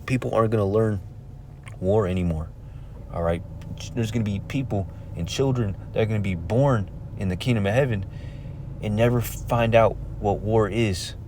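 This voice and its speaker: A man's voice: lowish voice, moderate pace, darkish tone, a little hiss or hum. A man preaching informally from scripture, talking conversationally and checking in with "all right?" and "man" between verses he reads aloud. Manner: reads verses aloud in old-fashioned wording.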